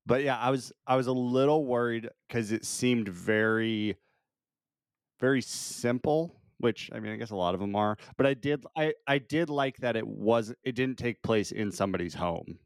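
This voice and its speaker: A man co-hosting a podcast, relaxed and laughing often as he steers a casual chat about a film. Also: mid-range voice, moderate pace, dry recording, studio quality. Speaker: podcast co-host.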